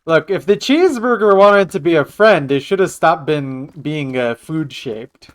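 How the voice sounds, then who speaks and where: A man's voice: fairly high pitch, expressive, a little slow. Joking male game streamer. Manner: joking, chatting with viewers. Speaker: livestreamer. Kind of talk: casual gaming livestream chat.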